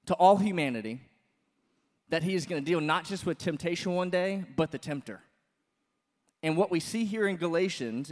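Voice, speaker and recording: A man in his thirties preaching a sermon as pastor, conversational and animated, with many fillers and restarts. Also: fairly high pitch. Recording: long hall reverb.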